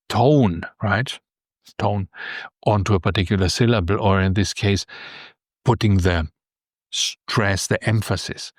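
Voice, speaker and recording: A man's voice: on the low side, no echo, clean studio sound. A man teaching Greek vocabulary from a news text, explaining words patiently and often checking with "right?".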